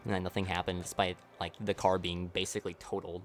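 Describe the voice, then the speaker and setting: A young man with a lowish voice chats casually to his stream while he plays, rambling and leaning on "like" in nearly every phrase. He swears freely and laughs at his own stories. Faint game music sits quietly behind him. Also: level tone, fast talker. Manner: rambling, leans heavily on "like", laughs often, swears. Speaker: speedrunner streamer.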